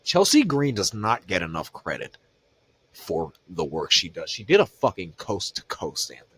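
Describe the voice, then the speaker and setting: A man co-hosting a podcast in casual chat, telling stories in a profane, slangy way, his voice jumping high when he gets excited. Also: moderate pace, husky. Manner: animated storytelling, voice jumps high when excited. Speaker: podcast co-host.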